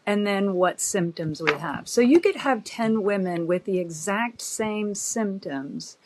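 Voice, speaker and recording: A woman in her fifties, a doctor and podcast guest, speaking in a measured, reflective way with frequent pauses and fillers. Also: medium pitch, animated, noisy background. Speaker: OB-GYN guest. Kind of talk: conversational podcast interview.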